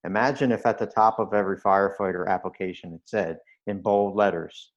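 Low-voiced man, earnest and lo-fi. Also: fairly even intonation, fairly quick, few pauses. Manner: earnest, explanatory, dry humor. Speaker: guest, fitness author. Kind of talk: podcast interview.

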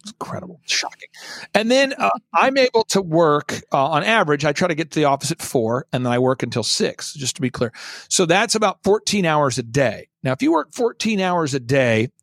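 A man with a high voice that swings widely up and down tells a story as a show guest. He talks in an emphatic, theatrical way and hammers points home with repetition. The sound is close and dry. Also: sing-song, a little fast, fairly bright tone, no echo. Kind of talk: animated storytelling on a talk show.

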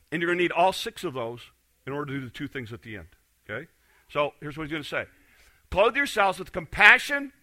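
Pastor guy preaching, really bright edgy voice, gets loud then drops low and intense. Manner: animated preaching, swings between loud emphasis and quiet intensity, many restarts. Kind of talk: sermon.

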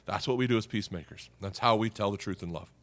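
A middle-aged man preaching a sermon as a pastor, talking conversationally, often tagging points with "okay?" and "right?", and going soft and quiet on serious points. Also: fairly low pitch, fast talker. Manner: drops softly on serious points.

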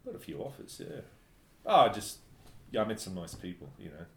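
A man from New Zealand telling travel stories in casual chat, animated and laughing often. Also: fairly low pitch, normal speed, creaky. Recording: echoey room, faint background noise.

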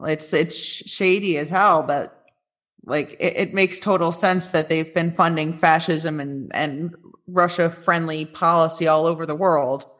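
A woman's voice: deep voice, fairly even intonation, measured pace, a bit bright. A woman co-hosting a casual political podcast, blunt and joking, swearing casually. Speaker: podcast co-host.

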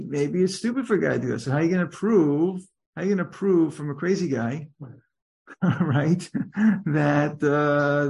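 A rabbi teaches a study group in a loose, conversational lecture. His slightly high voice has a gravelly edge, and he keeps restarting sentences and asking rhetorical questions as he works through the text. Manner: thinks aloud with many restarts and rhetorical questions.

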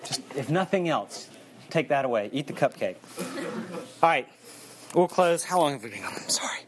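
A man's voice: on the high side, animated, a little fast, background noise. A man giving a casual, humorous sermon that keeps coming back to one refrain. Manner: conversational and humorous, repeating a refrain. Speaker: preacher.

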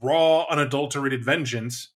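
A man in casual conversation about tabletop games, animated and quick to act out voices. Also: mid-range voice. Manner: animated, acts out voices and shouts in bursts.

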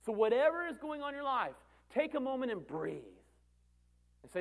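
Very high-pitched and gravelly, this thirtysomething pastor preaches with great animation at a normal speed. His earnest delivery repeats phrases for emphasis and veers between loud and quiet.

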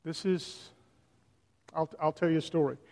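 A man's voice: a little high, fairly even intonation, unhurried, creaky, darkish tone. A man preaching a sermon in a conversational way, retelling scripture in everyday slang. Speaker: pastor. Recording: long hall reverb.

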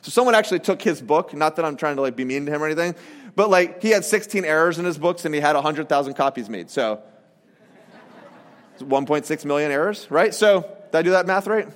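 High-voiced pastor preaching in a reverberant hall. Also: male voice, brisk. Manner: animated, conversational, acts out quoted voices. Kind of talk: sermon.

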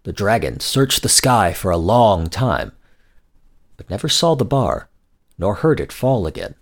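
A man narrating a scripted folk tale in a measured storytelling manner. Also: lowish voice, very animated.

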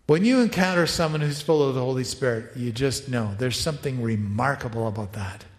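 A man preaching a sermon, animated, acting out quoted voices and making asides to helpers. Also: medium pitch, fairly quick. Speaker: pastor. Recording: echoey hall, reverberant.

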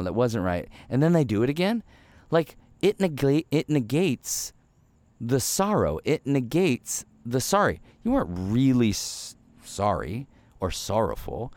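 A man preaching a casual, conversational sermon, acting out everyday apologies and moving between quick asides and slow, emphatic lines. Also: mid-range voice, no room sound. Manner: conversational, animated, acts out quoted apologies. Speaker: pastor.

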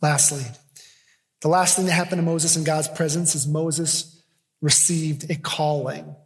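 A man preaching a sermon as pastor, swinging from loud, emphatic declarations to quiet, intimate storytelling. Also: a little high, steady tone, a little slow, in a large hall.

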